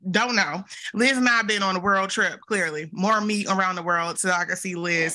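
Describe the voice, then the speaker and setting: A woman's voice: mid-range voice, sharp tone. A woman co-hosting a podcast in casual chat, hyped and talking straight to her listeners. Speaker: podcast co-host.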